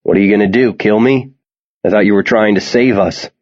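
Tough defiant teen, read by a man, low, blunt, impatient, dull audio. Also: a little fast, darkish tone, no echo, lightly acted. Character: tough defiant teenage boy.

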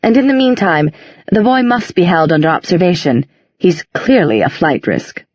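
A woman's voice: lowish voice, lively intonation, normal speed, no echo, lo-fi sound. A woman reading aloud and voicing a cold, sarcastic female Inquisitor with a cutting, clipped manner.

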